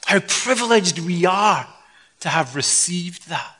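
A Scottish man preaching a sermon in a conversational, expressive way, acting out the scenes he describes. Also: high-pitched, slow, slightly rough. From Scotland.

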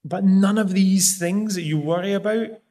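A man's voice: sits high, normal speed, mellow. A man preaching a sermon in an earnest, pleading way, pressing hard on key phrases.

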